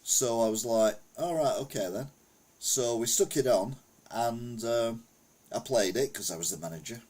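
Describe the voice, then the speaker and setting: A man's voice: mid-range voice, steady tone, normal speed, a little mellow. A middle-aged man from England chatting casually on a retro gaming live stream, rambling through old stories and reading chat aloud. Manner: rambling anecdotal storytelling, reads chat aloud.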